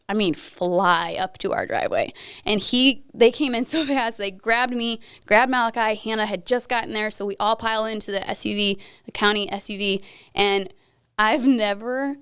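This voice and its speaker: A woman's voice: medium pitch, clean tone, no room sound, studio quality. A young woman, a podcast guest, earnestly retelling a personal story and acting out what each person said. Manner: earnest, vivid retelling that acts out her own and others' words.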